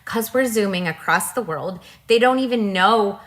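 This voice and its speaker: A woman's voice: medium pitch, normal speed. A woman co-hosting a podcast who chats casually and reacts emphatically. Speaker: podcast co-host.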